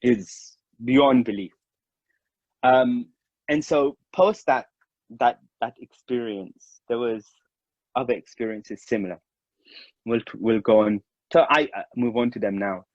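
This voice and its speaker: A man from Mauritius telling stories in a relaxed, informal way, laughing now and then and calling people "bro". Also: medium pitch, unhurried, long pauses, no echo. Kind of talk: casual storytelling. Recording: dull lo-fi dry sound.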